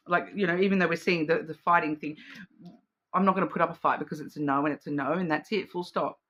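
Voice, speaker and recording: A woman with a low, steady, fairly bright voice talks fast on a lo-fi recording. She gives a casual, rambling card reading to camera, chatty and full of fillers, restarts and laughs, and she acts out playful quoted voices.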